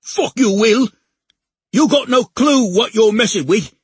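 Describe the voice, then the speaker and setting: A woman voicing a foul-mouthed, defiant young male thug in an audiobook, with rough street talk and a raspy edge. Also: mid-range voice, sing-song, unhurried, fairly bright tone, dry recording, full character voice. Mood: defiant, sneering. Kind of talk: audiobook character voice.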